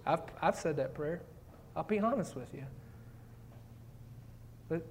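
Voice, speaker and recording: A man's voice: on the high side, expressive, unhurried, long pauses, darkish tone, a little hiss or hum. A male pastor giving a sermon. He reads scripture and acts out pleas, then builds to fervent emphasis.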